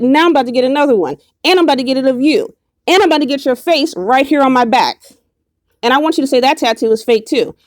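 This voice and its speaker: A woman's voice: high-pitched, no room sound, clean studio sound. A young woman in a confrontational, profane, mocking rant straight to camera. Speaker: vlogger. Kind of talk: angry direct-to-camera rant.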